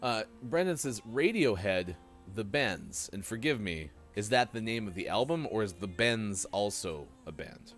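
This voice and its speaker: Lively, joking male morning show host. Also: on the low side, measured pace, soft background music. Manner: lively, joking, rambling delivery. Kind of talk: casual live-stream radio chat.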